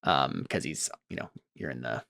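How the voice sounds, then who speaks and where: A man's voice: very deep voice, normal speed, gravelly, sharp tone, dry recording, studio quality. A young man running a tabletop game as game master, thinking aloud and laughing often.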